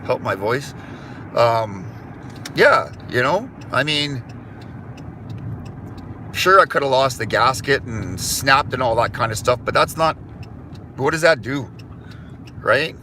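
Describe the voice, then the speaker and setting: Middle-aged canadian guy vlogging from the car, bright voice, rambly and laid back. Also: medium pitch, animated, slow, pauses often, a little hiss or hum. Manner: easygoing, rambling, swears and apologizes. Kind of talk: casual chat while driving. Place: inside a car.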